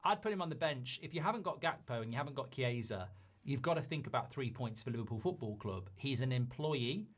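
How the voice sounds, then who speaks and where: A man giving measured football commentary, reasoning through options with the odd quick aside. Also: mid-range voice, animated. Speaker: football pundit in a played clip.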